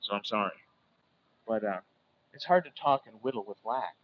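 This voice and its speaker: Dude from alaska whittling on a livestream, swears a ton, rambles, dull lo-fi phone sound. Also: male voice, on the low side, animated, normal speed, a little hiss or hum. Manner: profane, rambling storytelling. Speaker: livestream host. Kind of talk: casual livestream chat while whittling. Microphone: phone set far from him.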